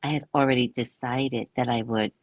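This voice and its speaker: A woman psychic casually telling a story about her neighbors, animated and acting out the people she quotes. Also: rumbling low, normal speed, no echo. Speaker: psychic reader.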